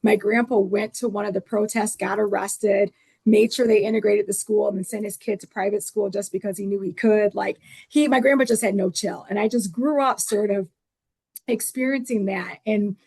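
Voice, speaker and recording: A woman with a gravelly, raspy voice recounts family history casually at a town hall. The sound is dry and close, with no room echo. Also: mid-range voice, fairly even intonation, moderate pace, a little mellow. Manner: casual, uses filler like "like". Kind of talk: personal storytelling at a town hall.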